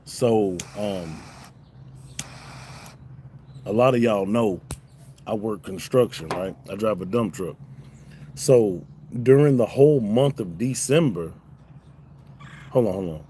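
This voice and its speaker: A man's voice: lowish voice, takes it slowly, pauses often, a little hiss or hum. Laid-back man chatting on a livestream. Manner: relaxed, profane, laughs often, reads chat aloud. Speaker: livestream host. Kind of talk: casual livestream chat.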